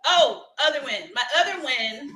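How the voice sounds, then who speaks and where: A woman's voice: high-pitched, sing-song, moderate pace, bright, forceful tone, roomy sound, low-quality recording. A woman, hosting a casual live motivational chat, upbeat and laughing often as she talks to viewers. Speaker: livestream host.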